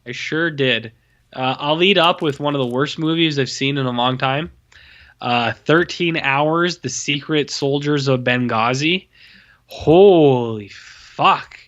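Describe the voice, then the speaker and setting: A man co-hosting a podcast, bluntly and profanely ranting about a film he disliked, his voice going a little hoarse. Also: medium pitch, unhurried, a bit bright, muffled recording. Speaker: podcast co-host. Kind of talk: casual film review chat.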